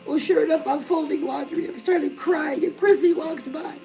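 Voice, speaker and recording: A middle-aged woman with a high voice and a gravelly edge hosts a comedic fitness show. She talks in a gushing, chatty stream and keeps calling her viewers girl. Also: moderate pace, dark tone, faint music behind, low-quality recording. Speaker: fitness and lifestyle show host. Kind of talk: comedic character monologue.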